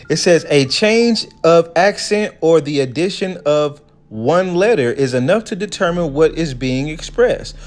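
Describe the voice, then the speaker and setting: A man hosting a casual commentary, reading passages slowly and then riffing on them in a relaxed, conversational way. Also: medium pitch. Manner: conversational, reads quotes slowly then riffs. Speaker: host.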